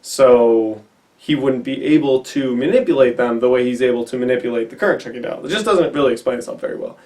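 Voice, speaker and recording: A man giving a casual, animated movie review to camera with quick asides, recorded indoors against a white backdrop. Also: mid-range voice, far from the mic.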